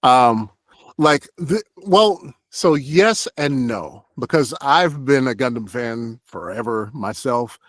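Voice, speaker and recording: A man's voice: mid-range voice, expressive, slow pace, a bit bright, no room sound, studio quality. A young adult man, a voice actor, talking casually in an interview, rambling with many fillers and acting out short quoted lines. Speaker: voice actor guest.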